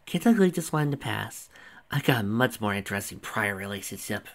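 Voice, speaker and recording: A man's voice: lowish voice, lively intonation, brisk. A man reading as Celestia, a whimsical mature woman. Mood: teasing.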